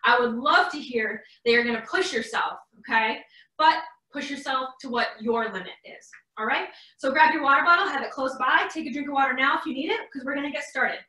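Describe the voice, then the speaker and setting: Far from the mic in an echoey room, a young fitness coach leads a live online workout with a high, bright, forceful voice that runs a little fast. Her tone is encouraging and her instructions upbeat. She sounds a touch breathless.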